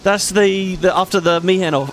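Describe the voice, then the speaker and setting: A man's voice: high voice, fairly even intonation, moderate pace, slight background noise. A man hosting a let's play, chatting casually and rambling as he thinks aloud and laughs often while he plays. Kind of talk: casual gameplay commentary.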